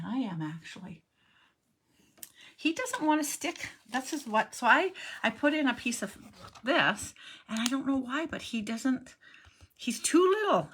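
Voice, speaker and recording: A woman's voice: a little high, fairly bright tone, slightly rough. Chatty woman demonstrating card stamping. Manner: rambling, self-interrupting, talks to herself while working. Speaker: stamping instructor. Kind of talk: chatty live craft demonstration.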